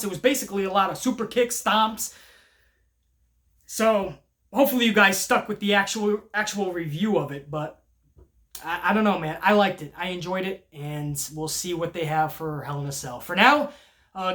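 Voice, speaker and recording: A man talking off the cuff about wrestling in a vlog, swearing freely. He rambles, restarts his sentences and jumps from point to point in loose, animated talk. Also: sits high. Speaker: wrestling commentary vlogger. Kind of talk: casual unscripted vlog commentary.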